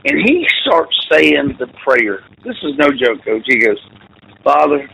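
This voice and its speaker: A middle-aged man, a football coach telling animated stories as an interview guest, acting out what people said. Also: medium pitch, a little slow, creaky, a little hiss or hum, poor audio. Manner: animated storyteller acting out quotes. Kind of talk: casual storytelling interview.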